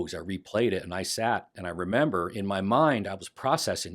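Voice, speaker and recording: A man in his fifties, a fire chief guest on a podcast, telling stories in a lively, animated way and acting out what others said. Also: deep voice, brisk. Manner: lively, animated storyteller who acts out quotes. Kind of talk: casual storytelling conversation.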